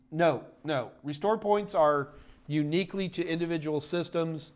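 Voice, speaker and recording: A man's voice: a little high, moderate pace. A middle-aged man hosting a live Q&A stream, rambling and chatty with lots of fillers and sudden bursts of enthusiasm. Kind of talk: casual live-stream Q&A chat.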